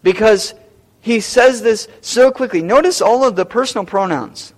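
A man's voice: sits high, normal speed. A man preaching a sermon as pastor, emphatic and repeating key phrases.

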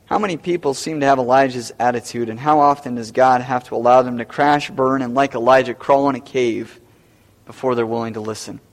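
A man's voice: mid-range voice, steady tone, a little fast. A man preaching a sermon as pastor, emphatic and repeating key phrases.

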